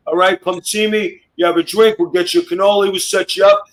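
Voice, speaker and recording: A man guesting on a talk show, ribbing the hosts in a gruff, swear-heavy mobster-style banter. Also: sits high, fairly even intonation, a little fast. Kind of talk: profane roast-style ribbing and storytelling.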